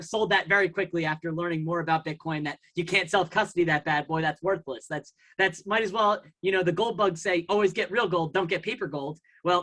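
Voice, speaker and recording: A man's voice: sits high, sharp tone. A man telling his story casually as an interview guest. He rambles, restarts his sentences and acts out his own past thoughts. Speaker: guest investor.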